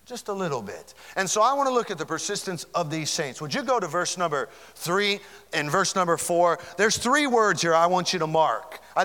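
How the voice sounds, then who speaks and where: A man's voice: on the high side, sharp tone, in a large hall. A man preaching a sermon as pastor, fervent and building in volume as he speaks.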